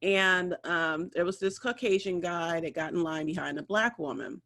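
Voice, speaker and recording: A woman co-hosting a podcast, an animated storyteller who acts out what other people said. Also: on the low side, normal speed. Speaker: podcast co-host.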